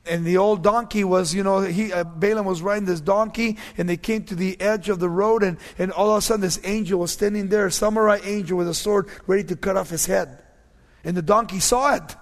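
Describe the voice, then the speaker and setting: A man preaching a sermon as a pastor, telling stories animatedly and often dropping to hushed tones. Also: sits high, big-room sound.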